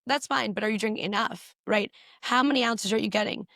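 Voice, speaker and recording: A woman physician answering interview questions and explaining health tips briskly, repeating points for emphasis. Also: medium pitch, vocal fry, pushed and bright, no room sound, studio quality. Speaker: physician guest.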